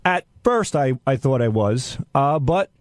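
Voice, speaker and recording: A man's voice: medium pitch, unhurried, dry recording, studio quality. A man telling a story in casual radio chat, acting out the people he quotes. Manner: animated storyteller, acts out quotes. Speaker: show staffer.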